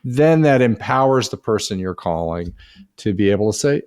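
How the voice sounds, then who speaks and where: A middle-aged man with a lowish voice talks shop on a podcast, folksy and upbeat and quick to joke. His voice sits close to the mic in a dry, dead room with no echo. He sounds relaxed, like he is chatting with a friend. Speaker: podcast co-host. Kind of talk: casual chat.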